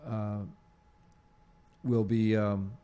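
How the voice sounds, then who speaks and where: A man hosting a local TV show from a studio, talking off the cuff in a halting, rambling way with lots of fillers and restarts. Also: on the low side, little pitch movement, dark tone. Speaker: host of a local cable show. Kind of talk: unscripted studio monologue. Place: TV studio with green screen.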